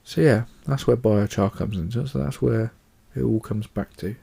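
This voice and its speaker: A man's voice: medium pitch, moderate pace, vocal fry, dark tone, slightly rough. A man hosting a casual solo podcast, chatty and rambling, swearing offhandedly and fighting off yawns. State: yawning. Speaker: podcast host.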